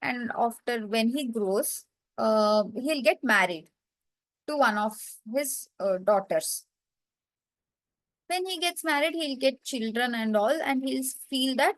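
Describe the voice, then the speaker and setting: High-voiced woman telling a scripture story. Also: expressive, no echo, rough recording. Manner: simple, explanatory, many "okay"s and pauses. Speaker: storyteller teacher. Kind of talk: retelling a scripture story to learners.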